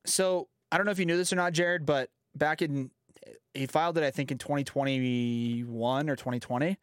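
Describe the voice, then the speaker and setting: Man, podcast host, profane animated rant, slightly high voice, dry sound. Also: normal speed, smooth, no room sound. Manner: animated, profane ranting with lively swings. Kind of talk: casual chat.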